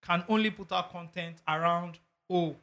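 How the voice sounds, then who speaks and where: A man's voice: high-pitched, a little fast, fairly bright tone. A Nigerian man co-hosting a casual podcast chat, telling stories with animation and slipping into pidgin and swearing. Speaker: podcast co-host.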